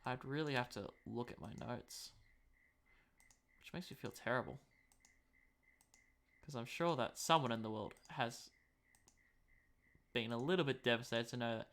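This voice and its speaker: Bright-voiced Australian man streaming casually. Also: mid-range voice, normal speed, vocal fry, long pauses. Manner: chatty, self-deprecating, mutters to himself. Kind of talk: casual live-stream commentary while map making.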